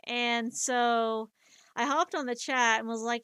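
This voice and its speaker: Woman streamer in her thirties, casual storyteller; clear, slightly high voice, dry sound, rambling with fillers. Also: flat delivery, a little slow, a bit bright, no room sound. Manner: rambling, many fillers and restarts, laughs at herself.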